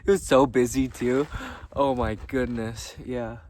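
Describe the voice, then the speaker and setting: A young man telling stories casually, laughing often and swearing freely while walking outdoors on a gravel road. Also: medium pitch, steady tone, unhurried, darkish tone. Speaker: vlogger. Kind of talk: casual storytelling. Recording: distant mic with faint background noise.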